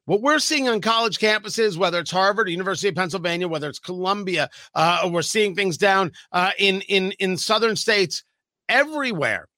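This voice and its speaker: A male talk radio host interviewing a guest, emphatic and pointed, pausing to stress his words. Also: high voice, animated, pushed and bright, no echo. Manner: emphatic, reads statements aloud with pointed pauses.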